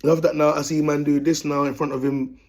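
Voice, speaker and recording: Husky London man telling rambling stories. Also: a little high, flat delivery, brisk, a little mellow. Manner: slangy, repetitive, bursts of laughter, addresses "people". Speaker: self-styled prophet vlogger. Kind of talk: rambling storytelling to viewers.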